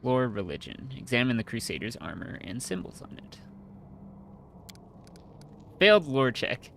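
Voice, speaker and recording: A man's voice: medium pitch, big pitch swings, a little slow, vocal fry, fairly bright tone, a little hiss or hum. A man streaming a story-driven game, reading its narration aloud and chatting casually between lines. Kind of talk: game playthrough, reading and commentary.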